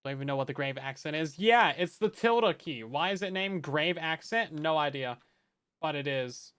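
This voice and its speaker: Chatty, slightly high-voiced young male gamer. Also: animated, moderate pace, fairly bright tone, clean tone. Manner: chatty, self-mocking, talks to chat while building. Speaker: Minecraft let's play host. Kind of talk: casual gameplay commentary.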